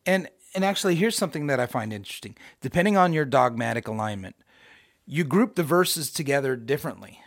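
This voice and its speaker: A middle-aged man giving an informal, conversational Bible teaching with emphatic rhetorical questions and bursts of excitement. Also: mid-range voice, fairly quick, creaky, no echo, clean studio sound. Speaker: podcast host teaching scripture.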